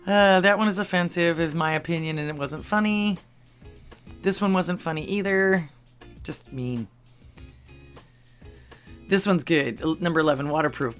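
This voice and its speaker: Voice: mid-range voice, measured pace, long pauses, fairly bright tone, soft background music. A channel host at home in Texas, reading funny social media posts aloud and adding dry asides between them, with chuckles at the jokes.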